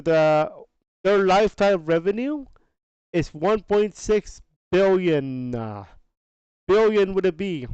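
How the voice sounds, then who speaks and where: A man hosting a podcast, talking casually through game sales data in an unhurried, chatty way, often restarting his phrases and dropping slangy asides. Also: high voice, a little mellow, clean tone, no room sound, dull audio. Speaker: podcast host.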